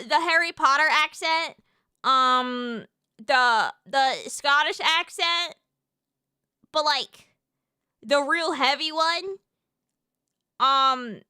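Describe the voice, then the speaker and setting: An American woman streaming live, chatting casually with her viewers in an excitable, sweary way with quick comebacks. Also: high-pitched, no room sound. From United States.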